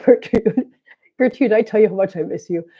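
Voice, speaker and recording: A woman's voice: mid-range voice, brisk, slightly rough, muffled recording. A woman hosting a casual livestream, short of breath from chest congestion, chatting and reading out viewer comments. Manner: chatty, teasing, laughs often, reads out viewer comments. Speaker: cat channel livestream host. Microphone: close mic, breathing audible.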